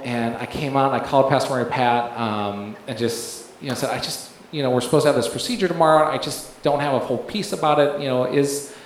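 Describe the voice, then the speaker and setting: A man giving a rambling testimony in a sermon, with many fillers and restarts, often laughing as he tells it. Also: mid-range voice. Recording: very echoey room, faint background noise.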